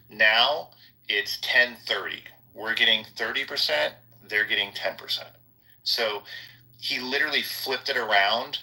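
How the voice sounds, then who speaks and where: A man's voice: lowish voice, bright, forceful tone, low-quality recording. A man calling into a political panel, making his case in an emphatic, conversational way. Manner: emphatic, conversational, argues with numbers. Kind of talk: casual political commentary.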